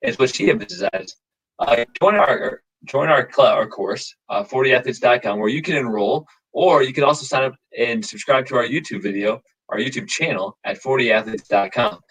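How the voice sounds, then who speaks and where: A man's voice: medium pitch, normal speed, fairly bright tone, slightly rough, rough recording. A man from the American Midwest who hosts a podcast, friendly and heavy on fillers. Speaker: podcast host. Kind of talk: casual podcast hosting.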